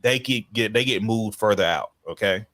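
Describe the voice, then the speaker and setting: A man casually telling stories as a podcast guest about his child welfare work, in an animated, slangy way. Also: normal speed, dry recording. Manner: animated, slangy, breaks into high excited quoted voices. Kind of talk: casual storytelling chat.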